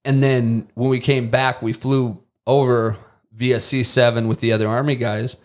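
Man, podcast guest, casual animated storytelling, acts out quotes, mid pitch. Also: normal speed. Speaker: guest, former Marine and war-zone contractor.

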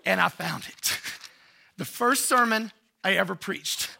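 A man, a pastor telling a personal story in an animated way during a sermon. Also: high-pitched, a little slow, gravelly. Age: 40s.

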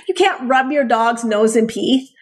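A woman giving a blunt, animated talk as a dog trainer hosting a show, laughing often. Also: on the high side, measured pace. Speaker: dog trainer and podcast host. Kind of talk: instructional talk.

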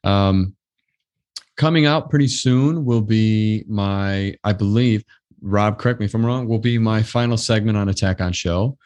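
A man's voice: on the low side, measured pace, a little mellow. A man hosting his own podcast, chatting alone in a loose, rambling way full of fillers. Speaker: podcast host. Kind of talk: casual solo podcast chat.

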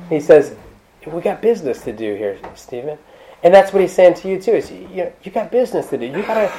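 Animated man preaching a casual sermon. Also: fairly high pitch, rough recording. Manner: conversational, animated, self-interrupting with asides. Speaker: pastor. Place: church.

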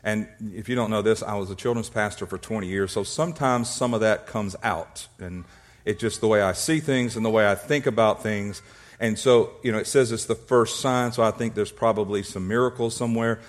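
Male pastor, sermon delivery, playful storyteller, stumbles over words and clears his throat. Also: on the low side, fairly quick. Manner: humorous storytelling, acts out little scenes; repeats words and restarts when excited.

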